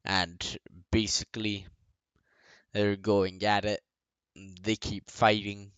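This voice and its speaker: A man's voice: fairly low pitch, little pitch movement, takes it slowly, fairly bright tone, clean tone, no room sound. A man hosting a casual show, recapping wrestling events and acting out the wrestlers' speeches. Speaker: host.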